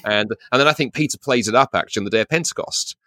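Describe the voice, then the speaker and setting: A man's voice: mid-range voice, sharp tone, dry recording, clean studio sound. A man from South London with a Received Pronunciation English accent, co-hosting a podcast in a playful, chatty way, full of restarts and asides. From South London, England. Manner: rapid, chatty, many restarts and "you know"s, playful. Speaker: podcast co-host. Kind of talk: casual chat.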